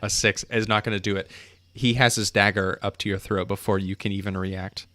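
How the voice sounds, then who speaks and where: A man narrating as game master in a relaxed, descriptive way, heard over a video call. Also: on the low side, a little fast.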